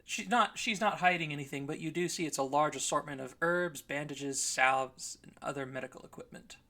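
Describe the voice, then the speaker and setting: A man's voice: fairly high pitch, fairly quick, bright, forceful tone. A man narrating a tabletop game as game master, describing scenes at length.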